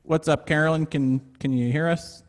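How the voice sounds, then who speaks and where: A man's voice: a little high, steady tone, moderate pace. Chatty man on an echoey video call. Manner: chatty and upbeat, with frequent fillers. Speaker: music center staff host. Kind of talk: casual class announcements.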